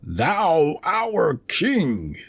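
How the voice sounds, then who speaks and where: A man voicing an angry flock of birds in a storybook reading, scolding slowly and indignantly in a raised voice. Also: very high voice, sing-song, vocal fry, breathy edge, soft background music, voice pushed up, heavily acted. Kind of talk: storybook narration.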